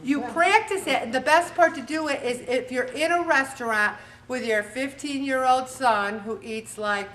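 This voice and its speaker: A woman in her forties hosting a motivational weight-loss talk, animated and acting out little scenes as she goes. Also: high-pitched, moderate pace, few pauses, recorded from a distance. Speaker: weight-loss show host.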